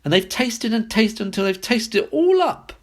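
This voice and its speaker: A man voicing a tiny shrill baby bear cub in a storybook reading, squeaky and high-pitched. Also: sing-song, normal speed. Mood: whiny.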